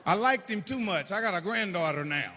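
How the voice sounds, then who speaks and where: A man's voice: high-pitched, expressive, brisk, sharp tone. A middle-aged man doing a crude, rowdy stand-up comedy routine, telling stories full of profanity on a theater stage. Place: large theater stage with a live audience. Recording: reverberant live hall, audience noise.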